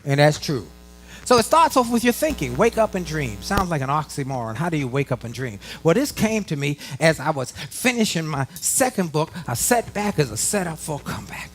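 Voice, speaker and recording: A middle-aged man from Washington giving a live motivational speech to a work audience, animated and folksy, talking straight to the crowd. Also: fairly high pitch, brisk, soft background music. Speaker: motivational speaker. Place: conference room before a live audience.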